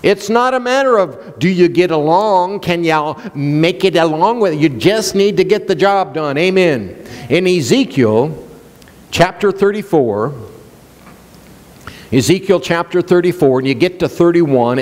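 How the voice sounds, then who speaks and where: A man's voice: fairly high pitch, expressive, measured pace, a little mellow, in a large hall. A male pastor preaching a sermon, questioning the congregation and joking with them. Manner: playful, jokes and laughs.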